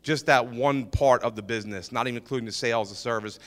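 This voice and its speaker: A man's voice: mid-range voice, fast, big-room sound. A man sharing a church testimony about his business, telling it informally and acting out what people said, with many repeats and restarts. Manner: lively, acts out dialogue, repeats and restarts. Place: ministry meeting hall.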